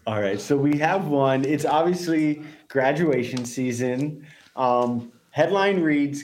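A man's voice: fairly high pitch, takes it slowly. A man, a regular radio guest, chatting casually and laughing often as he tells stories. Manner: laughs often, animated storytelling.

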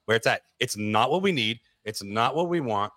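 A man's voice: medium pitch, expressive, moderate pace, sharp tone, no echo, studio quality. A man, a teacher co-hosting a radio talk show, wry and joking. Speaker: teacher co-host.

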